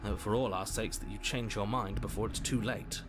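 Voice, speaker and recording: A man's voice: fairly low pitch, steady tone, moderate pace, lightly acted. An actor playing a weary, exasperated male game narrator, dry and sardonic, at times pleading. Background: game music.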